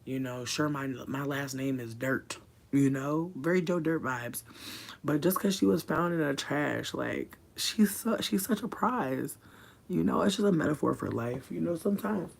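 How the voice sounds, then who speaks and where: A livestreamer chatting casually from a room at home, rambling and swearing, swinging between quiet mutters and loud bursts. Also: medium pitch, moderate pace, creaky.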